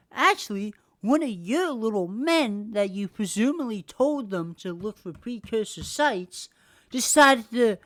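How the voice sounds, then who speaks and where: Slow-talking woman ranting heatedly. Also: fairly high pitch. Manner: heated, profane, repetitive. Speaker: podcast host. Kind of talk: casual rant.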